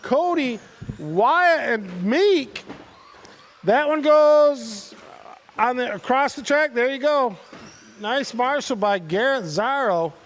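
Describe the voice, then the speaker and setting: High-voiced, unhurried race announcer man. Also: lively intonation, a bit bright, big-room sound, a little hiss or hum. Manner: casual, chatty, calls drivers by name. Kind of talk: live race commentary.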